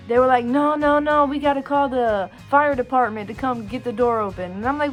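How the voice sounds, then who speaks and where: A woman's voice: high voice, brisk, few pauses, faint music behind. A woman casually telling funny personal stories to her viewers, acting out what people said in a raised voice. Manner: animated, acts out quotes in a raised voice. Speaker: storyteller vlogger. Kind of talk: casual storytime chat.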